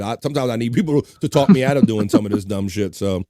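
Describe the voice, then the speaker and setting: Man, livestream host, animated and jokey, mid-pitched, dry close sound. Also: fast, few pauses, no echo. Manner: animated, jokey, swears casually. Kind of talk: casual chat, reading viewer comments.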